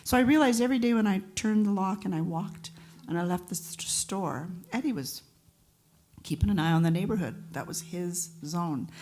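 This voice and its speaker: A woman's voice: medium pitch, moderate pace, a little hiss or hum. A woman, a singer, telling a story between songs at a live event and acting out the voices of the people in it. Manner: lively anecdotal, acts out quoted voices.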